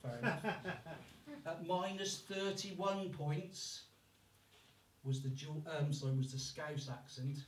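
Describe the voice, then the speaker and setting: Brummie stand-up comic in an echoey club. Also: male voice, fairly high pitch, slow pace, pauses often. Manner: swears freely, puts on voices for accents. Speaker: stand-up comedian. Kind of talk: stand-up comedy set. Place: live comedy club. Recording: echoey room from far off.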